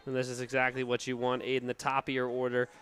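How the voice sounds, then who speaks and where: A man giving relaxed, analytical color commentary beside the play-by-play caller at a softball game. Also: medium pitch, fast talker, clean tone. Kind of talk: sports commentary.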